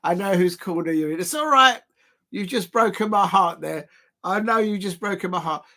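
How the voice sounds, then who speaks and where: A man's voice: sits high, moderate pace, sharp tone. A man hosting a casual football watch-along, rambling and laughing while lifting weights. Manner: rambling and chatty, laughing often. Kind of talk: casual live-stream commentary.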